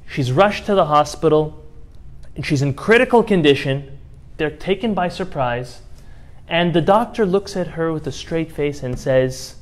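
A rabbi delivers a sermon in a slightly high-pitched voice. He tells a story, mostly hushed and measured, then rises into impassioned, emotional outbursts. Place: synagogue.

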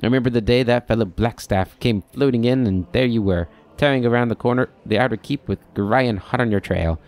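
A man's voice: mid-range voice, fairly quick, darkish tone, close to an everyday voice. A man voicing a rambling, nostalgic old male keeper who chatters in a folksy, reminiscing way.

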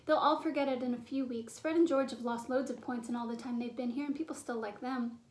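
A loyal, eager young schoolboy talks in a casual, high voice, as a woman reads his part. He is plainspoken and keen, from a storybook. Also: fairly even intonation, fast, a little mellow, echoey room, lightly acted.

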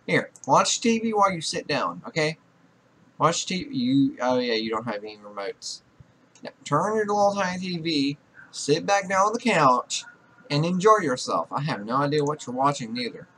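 A man's voice: fairly high pitch, big pitch swings, moderate pace, bright, forceful tone, a little hiss or hum. A young man giving profane gaming commentary, scolding and bossing around the characters he controls, audibly exasperated. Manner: exasperated, scolds the game characters, swears a lot. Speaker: gaming YouTuber. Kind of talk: profane Let's Play commentary.

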